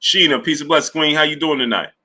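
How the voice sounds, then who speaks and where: A man's voice: fairly high pitch, fast. A man hosting a livestream, casually reading and greeting viewers from the chat. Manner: laid-back, shouting out viewers from the chat. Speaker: livestream host.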